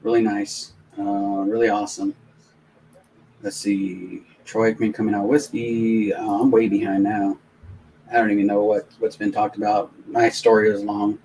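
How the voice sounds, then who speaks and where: A man hosting a live stream, telling a long, rambling anecdote in casual, animated talk with many restarts. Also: on the low side, moderate pace, slight background noise, poor audio. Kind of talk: casual storytelling on a live watch-along stream.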